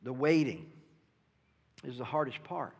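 A man's voice: medium pitch, lively intonation, unhurried, creaky, husky. A male pastor preaching a sermon in an earnest way, often asking "right?" and stumbling over the starts of his sentences. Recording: long reverb from a hall.

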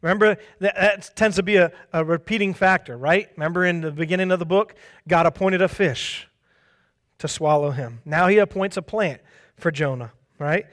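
A man preaching a sermon in a conversational way, often tagging his points with a quick question and acting out quoted speech. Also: high voice, fairly bright tone. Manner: conversational, tags lines with "right?".

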